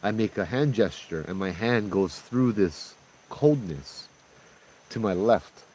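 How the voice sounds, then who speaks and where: Man, tinged speech, lowish voice, casual ghost-story storyteller. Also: slow, a little hiss or hum, low-quality recording. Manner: relaxed, conversational, often asks "right?" and "you know?". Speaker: ghost tour guide and storyteller.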